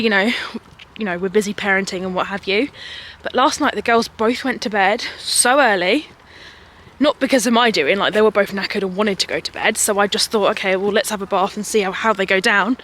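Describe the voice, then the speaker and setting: Bright-voiced breathless woman. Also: medium pitch. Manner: rambling, animated, laughs often. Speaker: vlogger and mother. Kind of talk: casual chatty vlog. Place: outdoors in a large park.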